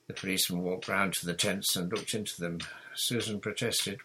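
A man narrating a children's adventure novel in a measured, plain reading style. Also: deep voice, fairly even intonation, pushed and bright, a little hiss or hum, low-quality recording. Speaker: audiobook narrator. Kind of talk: storybook reading.

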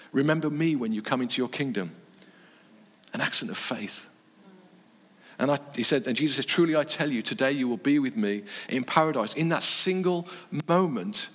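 A man preaching a sermon in earnest short phrases, dropping his voice low on key words. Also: sharp tone. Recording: long reverb from a hall.

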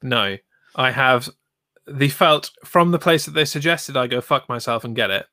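A man's voice: medium pitch, normal speed, pushed and bright, dry recording, clean studio sound. A man co-hosting a casual podcast, telling an aggrieved story with plenty of swearing. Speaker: podcast co-host. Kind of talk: casual chat.

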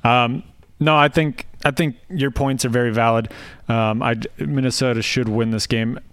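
A man's voice: mid-range voice, fairly even intonation, normal speed, a bit bright, smooth, no echo. A man co-hosting a casual football podcast, teasing and dryly sarcastic. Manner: dry, teasing, sarcastic jokes. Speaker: podcast co-host. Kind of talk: casual sports chat.

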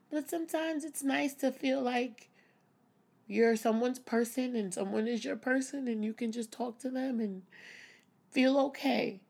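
Creaky-voiced woman in a candid vlog. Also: a little high, unhurried, a little mellow. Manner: open and reflective, with frequent small laughs. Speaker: vlogger. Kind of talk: candid personal vlog talk.

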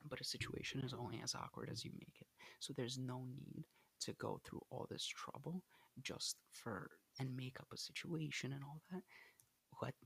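A young man hosting a casual podcast, giving blunt dating advice in an animated, coaching way. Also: mid-range voice, creaky, husky.

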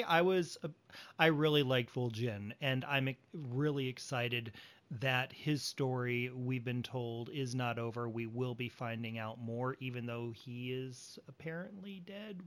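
A man interviewing in casual chat, animated and upbeat. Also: medium pitch.

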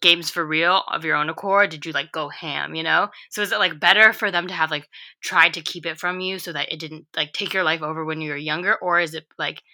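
Bright-toned woman guest, full of "like". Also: sits low, fairly even intonation, fairly quick, no echo. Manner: fills speech with "like", hesitant. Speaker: podcast guest. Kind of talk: casual chat.

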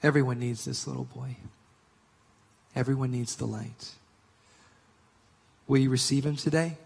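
Husky-voiced preacher in an echoing hall. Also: male voice, medium pitch, fairly even intonation, a little slow. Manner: earnest, builds to emphatic reading then drops to hushed whisper. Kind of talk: sermon with story reading.

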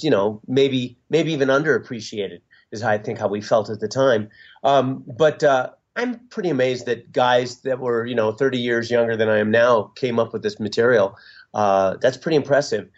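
Middle-aged male musician guest, thoughtful, hesitant delivery, dull lo-fi recording. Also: medium pitch. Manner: halting, reflective, with frequent fillers and restarts. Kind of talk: casual interview talk. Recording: dull lo-fi sound.

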